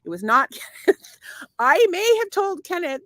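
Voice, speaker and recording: A woman's voice: extremely high pitch, a little slow, dry recording. A middle-aged woman co-hosting a casual podcast, telling stories with lots of animation. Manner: animated storyteller, slips into mock formal voices. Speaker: podcast co-host. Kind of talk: casual chat.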